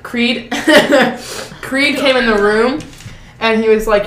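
A young woman co-hosts a casual podcast, rambling through stories full of fillers and quick giggles. Her voice is bright and clear. It sits in an echoey room with a faint hiss behind it. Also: fairly high pitch. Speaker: podcast co-host. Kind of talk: casual chat.

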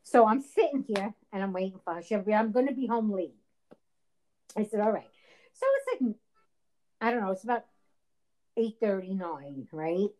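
A middle-aged woman chatting casually and telling an animated story with acted-out quotes. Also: mid-range voice, moderate pace, long pauses. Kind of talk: casual chat.

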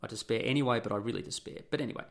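Gravelly, blunt middle-aged man ranting. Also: mid-range voice, rapid-fire. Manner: blunt, profane, rhetorical questions. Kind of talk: opinionated monologue.

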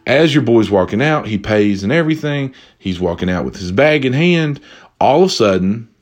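A young man telling a comedic story casually, profane and animated, jumping from high exclamations to low asides. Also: normal speed. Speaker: vlogger.

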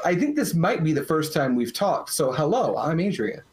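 A man's voice: a little high, very animated, moderate pace, darkish tone. A man co-hosting a podcast, openly drunk, rambling and swearing in casual chat. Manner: profane, rambling, boisterous. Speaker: podcast co-host.

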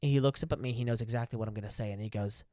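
A man's voice: mid-range voice, steady tone, racing, dark tone, no echo, clean studio sound. A man co-hosting a podcast, telling a story in casual chat and acting out the quotes. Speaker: podcast co-host.

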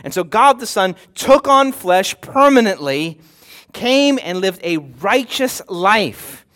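A pastor preaches with a fairly high, bright-edged voice. He is earnest and emphatic, often doubling words as he restarts, then slows right down to hammer home the important phrases. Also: very animated. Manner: slows down and presses hard on key words. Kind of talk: sermon.

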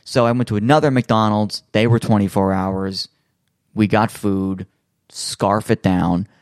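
Rambling, chatty man with a lower voice. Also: fairly even intonation, measured pace, no echo, clean studio sound. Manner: rambling storyteller, heavy on fillers and restarts; acts out quoted voices in his stories. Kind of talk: casual chat.

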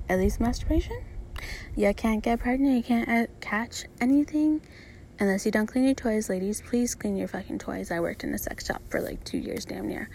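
A woman's voice: mid-range voice, vocal fry, darkish tone, a little hiss or hum. A young woman hosting her own podcast, talking in a blunt, profane, rambling way full of fillers. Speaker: podcast host. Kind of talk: casual solo podcast monologue.

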